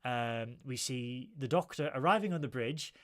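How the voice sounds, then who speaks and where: A man's voice: medium pitch, normal speed, fairly bright tone. Rambling Northern English man recapping. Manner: recaps plot at length, filler-heavy. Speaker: podcast co-host. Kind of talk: casual review chat.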